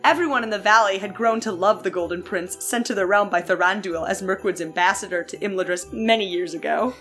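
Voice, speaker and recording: A woman's voice: mid-range voice, brisk, fairly bright tone, faint music behind. A woman co-hosting a podcast, reading fanfiction aloud with playful, mock-serious banter and frequent laughter. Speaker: podcast co-host.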